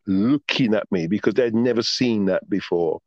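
On a dull-sounding but echo-free recording, a man with a lowish voice tells stories at normal speed as a guest on a casual podcast interview. He keeps things animated and emphatic, repeatedly asking "right?".

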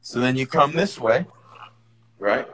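A man giving a relaxed, enthusiastic tour of his indoor studio over a phone live stream, often repeating phrases. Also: medium pitch, unhurried, echoey room, a crowd in the background, poor audio. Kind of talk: casual walkthrough on a live stream.

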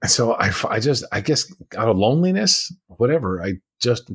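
A man's voice: mid-range voice, big pitch swings, a little fast, a bit bright, husky. A man on a podcast, telling his personal story in a candid, emphatic way. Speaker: podcast guest.

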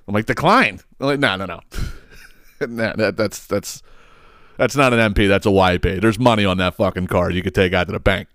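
A man's voice: lowish voice, smooth, no room sound, studio quality. Profane, rambling male podcast host. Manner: profane, rambling, self-interrupting, laughs at own story. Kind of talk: casual storytelling monologue.

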